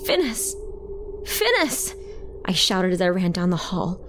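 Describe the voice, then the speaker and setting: A woman narrating a horror story in the first person with a measured, dramatic delivery. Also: lowish voice, level tone, fairly bright tone, slight background noise.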